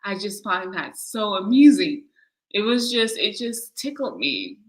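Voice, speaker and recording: A woman's voice: mid-range voice, very animated, a little slow, low-quality recording. A woman hosting a casual live chat from Ghana, blunt and swearing, often breaking into laughter. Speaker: livestream host. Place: lives in Ghana.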